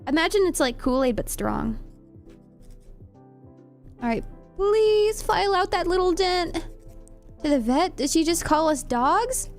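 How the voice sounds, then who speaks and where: A woman's voice: very high-pitched, expressive, measured pace, long pauses, soft background music. A young woman streamer chatting casually with viewers, reading chat aloud and giggling often while she does her nails.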